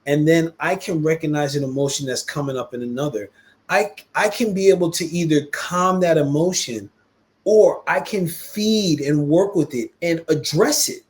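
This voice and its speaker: Man, podcast host, mid-high voice, emphatic and animated, slips into quoted voices. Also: moderate pace. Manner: animated, emphatic, calls listener "bro"; acts out quoted dialogue in shifting voices. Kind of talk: casual podcast conversation.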